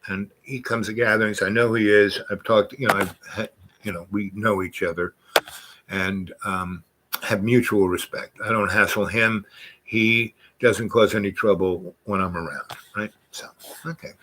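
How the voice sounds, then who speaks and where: An older man with a fairly low, voice spins a long tale in a loose, rambling way. He jumps between thoughts and now and then slips into the voices of the people in his story. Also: moderate pace, a little hiss or hum. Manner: rambling, animated, acts out voices in quotes. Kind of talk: casual spoken storytelling.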